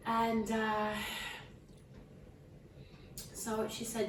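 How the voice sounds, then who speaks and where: A woman sharing a personal testimony with guests in a heartfelt, halting way, often pausing to pray aloud. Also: medium pitch, fairly even intonation, slight background noise. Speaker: mother sharing a testimony at a gathering. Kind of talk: emotional personal storytelling to a small audience. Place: room with guests present. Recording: distant mic in an echoey room with faint ambience.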